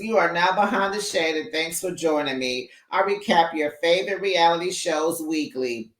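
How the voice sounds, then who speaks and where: A sassy, animated recap host who takes the talk slowly and laughs often, calling listeners honey and baby. The voice rings in an echoey room. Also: mid-range voice. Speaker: reality show recap host. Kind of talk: casual chat recap.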